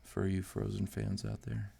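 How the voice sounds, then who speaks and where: His voice sits on the low side, warm and husky with vocal fry, delivered completely flat at a measured pace. This man hosts a drawing channel as an amateur artist, rambling casually as he draws, thinking out loud, unsure and self-deprecating.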